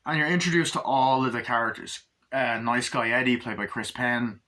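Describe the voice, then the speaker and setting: A man giving a casual, rambling movie review, swearing a lot and acting out bits of the scenes in quick mock voices. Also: mid-range voice, steady tone, pushed and bright. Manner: loose, profane, quotes the scenes in mock voices.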